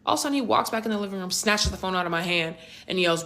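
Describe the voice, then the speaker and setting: A young woman telling a family storytime in casual slang, full of asides to the viewer. Her voice sits at a middle pitch, and she talks with animated emphasis. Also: very fast. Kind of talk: storytime vlog narration.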